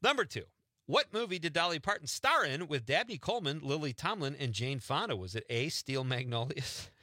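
A man's voice: on the high side, animated, a little fast, pushed and bright, dry recording, clean studio sound. A man hosting a radio talk show, joking and laughing while he reads out a multiple-choice quiz. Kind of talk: casual radio chat and quiz.

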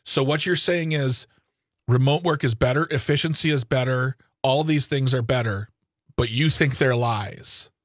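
A man's voice: medium pitch, moderate pace, no echo. A man on a studio talk show makes his case with energy, circling back over his points. The sound is close and dry. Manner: animated, argumentative, many "like" fillers. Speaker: radio show co-host. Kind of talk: casual talk radio. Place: radio studio.

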